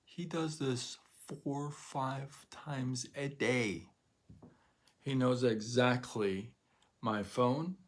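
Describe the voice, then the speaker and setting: A man hosting a casual motivational livestream, animated and rambling, repeating himself and acting out what people say. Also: medium pitch, very slow. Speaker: live show host.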